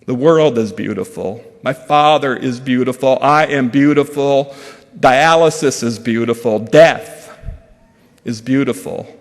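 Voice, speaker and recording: A man giving a dramatic reading of his own prose as guest speaker. He talks slowly and measuredly and often sinks to a hushed voice. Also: medium pitch. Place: large event hall at a fundraising breakfast. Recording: long reverb of an event hall.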